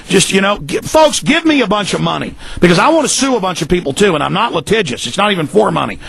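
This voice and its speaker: Gravelly, ranting talk radio man. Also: sits high, big pitch swings, fairly bright tone, no room sound, low-quality recording. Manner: fast, heated, ranting delivery with outbursts. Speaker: radio talk show host. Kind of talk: combative talk radio monologue.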